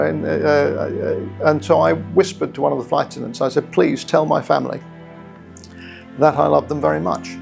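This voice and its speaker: A middle-aged British man tells his own story, measured and reflective, often restarting a phrase. His voice is gravelly with heavy fry, sitting a touch high for a man. Faint music runs softly underneath. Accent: British English. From England. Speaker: guest storyteller. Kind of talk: personal story told to camera.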